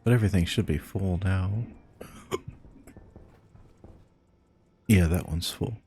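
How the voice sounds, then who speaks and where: A drowsy man with a fairly low voice, murmuring and chatting as he plays a game on a live stream. He is laid-back and swears offhandedly, with game music playing clearly behind him. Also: moderate pace, darkish tone. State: sleepy, yawning. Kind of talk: casual live gameplay chat.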